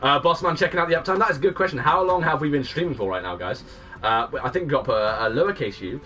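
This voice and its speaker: A young man in his twenties live-streaming a game, greeting and thanking viewers and breaking into excited shouts. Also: on the high side, quick pace, recorded from a distance, a little hiss or hum. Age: 20s. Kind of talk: live-stream chat reading out viewers' messages.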